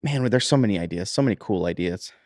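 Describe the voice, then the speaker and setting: A man's voice: deep voice, animated, fast talker, a little mellow, no room sound, studio quality. A man hosting a live stream, chatting in an easygoing way and laughing often. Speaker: stream host. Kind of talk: casual livestream chat.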